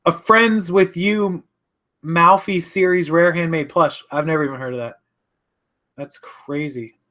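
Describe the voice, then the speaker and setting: A man's voice: on the high side, steady tone, measured pace, bright, forceful tone. Chatty man rambling on a live stream. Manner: rambling, chatty, self-correcting. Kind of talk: casual live-stream chat, reading viewer comments. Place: home office.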